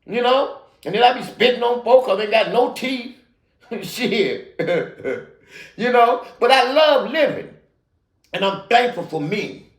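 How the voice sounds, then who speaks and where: A man's voice: extremely high pitch, expressive, slow pace, reverberant. A man in his sixties, a talk show host, delivering a profane, rambling, preachy monologue. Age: middle-aged or older. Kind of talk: unscripted monologue.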